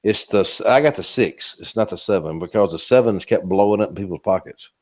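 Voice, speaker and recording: A Southern man with a fairly low voice, talking easily on a live stream. His drawl is loose and joking, with a casual curse thrown in here and there. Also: brisk, darkish tone.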